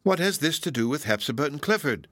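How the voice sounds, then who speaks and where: Audiobook: male reader doing a frightened young woman, raised pitch, trembling, dry close sound. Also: very animated, fast, pushed and bright, no room sound, exaggerated voice. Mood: shocked. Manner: trembling, pleading. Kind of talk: audiobook reading.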